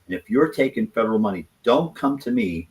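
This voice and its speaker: On a political talk show, a conservative activist appears as a guest and argues his point with passion, wandering as he goes. His voice sits on the low side with lively intonation and a slightly fast pace, captured in a low-quality recording.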